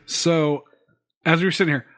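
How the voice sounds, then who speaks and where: A man's voice: a little high, steady tone, normal speed, fairly bright tone. A man co-hosting a casual gaming podcast, easygoing and teasing, often restarting his sentences. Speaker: podcast co-host.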